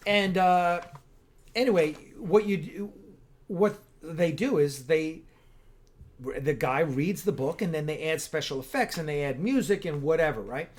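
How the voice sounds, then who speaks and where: Male livestream host, slightly high voice, rambling and excited, casual chat. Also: unhurried. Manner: rambling, enthusiastic, lots of restarts. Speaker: host of a fan-film livestream.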